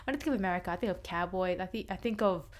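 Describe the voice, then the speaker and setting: A woman's voice: on the low side, rapid-fire. A young Australian woman co-hosting a casual film-review chat, talking in a chatty, opinionated way full of "like". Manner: chatty, opinionated, heavy use of filler "like". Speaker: podcast co-host.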